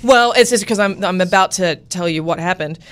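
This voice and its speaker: A woman co-hosting a casual podcast, chatty and animated as she tells stories. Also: fairly low pitch, normal speed. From Australia. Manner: animated storyteller, lively and chatty. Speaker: podcast co-host.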